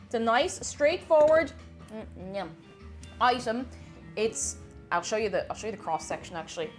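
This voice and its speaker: A woman, chatting casually on a live stream and reading her chat aloud with animated exclamations. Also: a little high, normal speed, faint music behind.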